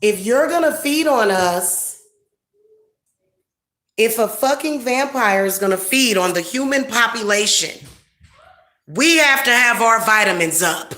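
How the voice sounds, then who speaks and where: A woman's voice: fairly high pitch, expressive, measured pace, pauses often, bright, forceful tone. A middle-aged woman, a spiritual reader, ranting casually and profanely about her irritations to her viewers. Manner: irritated, profane, emphatic venting. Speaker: spiritual reader and channel host. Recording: echoey room with faint noise.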